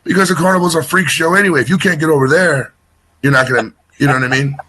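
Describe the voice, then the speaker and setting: A man's voice: fairly high pitch, fairly even intonation, fast talker, bright, forceful tone, breathy edge. A man being interviewed as a wrestling guest, telling a long story casually, rambling and getting sidetracked with many restarts.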